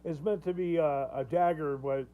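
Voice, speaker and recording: A man's voice: a little high, steady tone, normal speed. A man hosting a casual livestream, rambling, chuckling often and answering viewer comments. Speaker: livestream host. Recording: tinny phone-like sound with faint hum.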